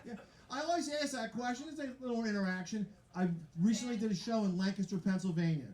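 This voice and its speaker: A man's voice: sits high, fast talker, a little mellow. A man doing a stand-up comedy set at a live venue, rambling and self-mocking, often laughing at his own jokes. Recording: roomy live venue sound.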